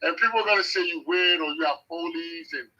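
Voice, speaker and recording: A man's voice: on the high side, quick pace, bright, forceful tone, lo-fi sound. A man talking as a guest on a live show, earnest and motivational, repeating his points.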